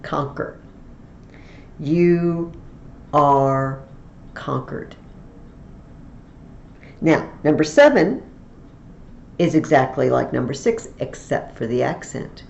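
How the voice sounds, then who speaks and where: A woman's voice: very deep voice, big pitch swings, measured pace, vocal fry, a little mellow, echoey room, muffled recording, slight background noise. A woman teaching a Latin lesson in a recorded tutorial, explaining each form patiently, step by step.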